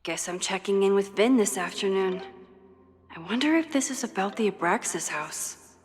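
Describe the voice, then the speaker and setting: A woman's voice: medium pitch, moderate pace, natural voice. An actress voicing a thoughtful, wry young woman in a game, narrating her inner thoughts dryly. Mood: wistful. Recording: long reverb, faint music behind.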